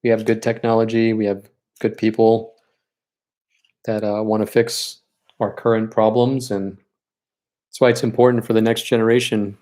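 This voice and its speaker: An art teacher leads a live-streamed paint night, chatting and encouraging as he works, and he's openly sentimental about his students. His medium-pitched voice has a warm tone and little pitch movement, with a moderate pace and long pauses.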